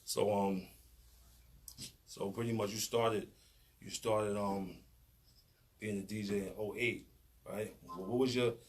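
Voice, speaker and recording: A man's voice: on the low side, steady tone, a little slow, pauses often. A man hosting a casual interview, stammering and repeating words as he asks questions and backs the guest with "right, right". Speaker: interviewer, show host.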